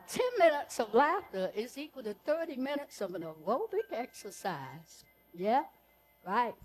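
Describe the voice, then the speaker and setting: A woman leading a live group breathing workshop, giving slow, soothing cues for each breath. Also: high-pitched.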